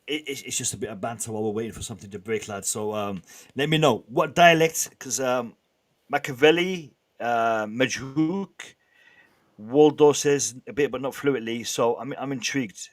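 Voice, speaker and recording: A man hosting a casual live stream, bantering with the chat in a lively way and often restarting his sentences. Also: medium pitch, normal speed. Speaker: livestream host.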